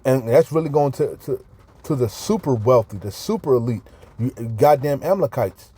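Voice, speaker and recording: A man's voice: medium pitch, expressive, moderate pace, mellow, husky. A man giving impassioned, profane Bible commentary in slangy street talk, often repeating and stumbling over words. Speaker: online scripture commentator. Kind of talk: informal fiery Bible commentary.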